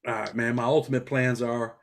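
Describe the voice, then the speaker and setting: Casting: middle-aged New man, rapid street-talk interview guest, mid-range voice. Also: mid-range voice, level tone, creaky. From New York. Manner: blunt street talk, frequent "man" and "bro". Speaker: interview guest, former prisoner. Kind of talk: casual interview storytelling.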